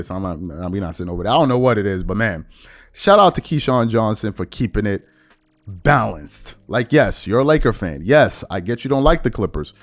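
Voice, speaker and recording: A man talking casually about basketball on his vlog, getting loud and emphatic as he argues his point. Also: medium pitch. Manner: animated, gets loud and emphatic when riled. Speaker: basketball commentary vlogger. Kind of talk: casual commentary monologue. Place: lives in Nigeria now.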